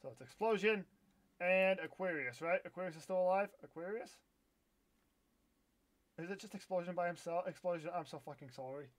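Excitable high-voiced young man streaming games. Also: fairly quick, long pauses. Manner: excitable, swears, outbursts of frustration. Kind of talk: live gameplay stream commentary.

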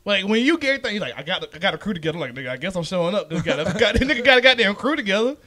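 A man with a high, lively voice and a bright tone chats on a podcast. He jokes, swears freely and laughs often, speaking in loose slang. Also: rapid-fire. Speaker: podcast co-host, comedian. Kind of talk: casual podcast chat.

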